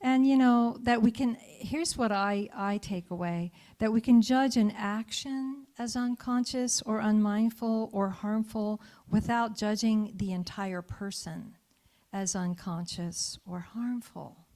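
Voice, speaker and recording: A woman's voice: mid-range voice, steady tone, takes it slowly, darkish tone. A middle-aged woman minister giving a conversational sermon, telling a story and asking her congregation for their thoughts. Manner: storytelling, interacts with congregation, frequent laughter. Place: church sanctuary.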